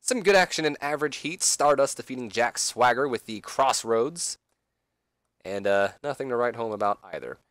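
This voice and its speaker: A man's voice: medium pitch, normal speed, a bit bright, dry recording. A man doing casual game commentary, rambling with fillers and side remarks. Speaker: let's play commentator.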